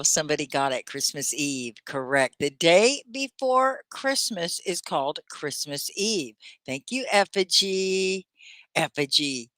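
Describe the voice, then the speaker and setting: A Texan woman with a low voice hosts a live online English class, captured in a dry recording. She's animated and gushing as she reads viewers' comments aloud.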